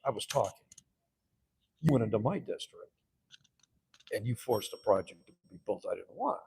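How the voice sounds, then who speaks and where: A man's voice: medium pitch, a little fast, pauses often, slightly rough. A man giving a rambling, profane interview, acting out the people in his stories. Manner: profane, animated, acts out quoted people. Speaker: interview guest. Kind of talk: rambling candid interview talk.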